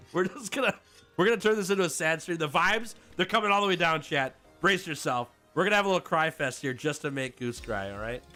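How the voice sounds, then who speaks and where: A man on a live game stream, joking with his chat in a light, fairly high voice. He laughs often and talks casually. Game music plays clearly behind him. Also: lively intonation, brisk, bright, forceful tone. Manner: playful, laughs often, reads chat aloud. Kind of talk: casual livestream chat with viewers.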